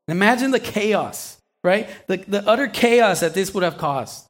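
A man's voice: high-pitched, expressive, measured pace. A man preaching a sermon in a conversational way, asking the listeners questions and acting out small asides, often restarting and repeating words.

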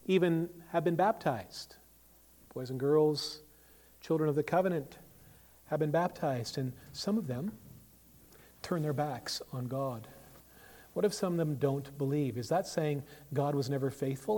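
A male pastor preaching a sermon, emphatic, with sharp swings from loud to quiet and many rhetorical questions. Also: fairly high pitch, normal speed, pauses often. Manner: emphatic, rises and falls sharply in volume, asks rhetorical questions. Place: church sanctuary. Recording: long reverb of a church hall.

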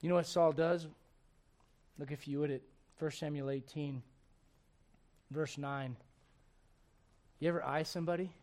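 A man's voice: on the high side, steady tone, a little slow, pauses often, a little mellow. A male pastor preaching a sermon with emphatic storytelling and direct questions to the congregation.

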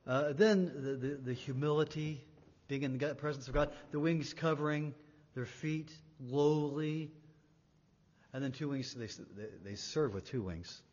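A man preaching a sermon, emphatic, swinging between loud and quiet and repeating words for weight. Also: on the high side, measured pace. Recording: dull sound in a reverberant hall.

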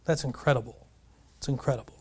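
A man pastor giving an earnest, animated sermon, often restarting phrases and putting questions to the congregation. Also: mid-range voice, quick pace, slightly rough.

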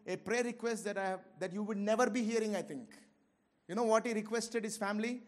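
A man preaching with a strikingly high voice. He moves between fervent, raised passages and quiet, low asides. He laughs now and then as he drives his points home. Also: brisk. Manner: impassioned, swings between shouting and low asides, laughs often. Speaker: pastor. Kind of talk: sermon.

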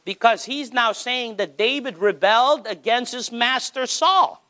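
A man preaching a sermon as pastor, animated, with wide swings in pitch for emphasis. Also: moderate pace.

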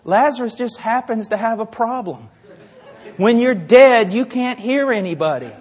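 A male preacher with a very high voice, delivering a dramatic sermon in a church. He drops to hushed asides, then builds to shouts, and acts out little scenes with voices. A long reverb of a large hall trails every phrase. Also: animated, moderate pace, slightly rough, some chatter behind.

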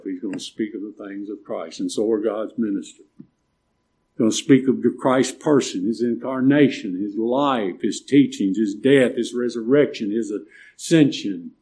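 Dark-voiced older man preaching emphatically. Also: fairly low pitch. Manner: emphatic preaching, swelling louder on key points. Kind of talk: sermon.

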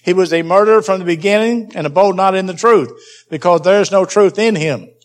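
A man's voice: sits high, brisk. A man preaching a Bible teaching sermon, emphatic and repeating key phrases for stress.

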